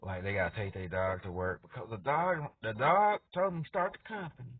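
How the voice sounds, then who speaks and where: A man rambling through an animated monologue, laughing often and jumping into squeaky voices for characters. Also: a little fast, slightly rough, no room sound. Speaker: music artist talking to viewers. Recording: dry, tinny phone-like sound.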